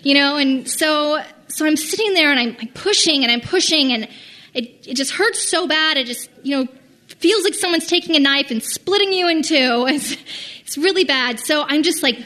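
A young woman casually telling a personal story, rambling and acting out the quoted lines with big jumps in pitch. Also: animated, moderate pace, sharp tone.

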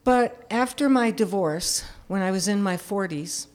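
A woman's voice: mid-range voice, unhurried, a little mellow. A woman in her seventies telling a personal story in a candid, self-deprecating way, often chuckling. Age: 70s.

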